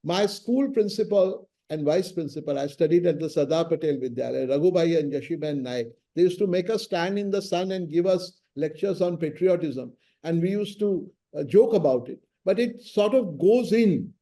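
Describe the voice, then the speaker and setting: A man's voice: a little high, moderate pace, hardly any pauses. A middle-aged man with an Indian English accent, a senior lawyer telling anecdotes about his mentor in an interview and acting out the dialogue. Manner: lively raconteur acting out quoted dialogue.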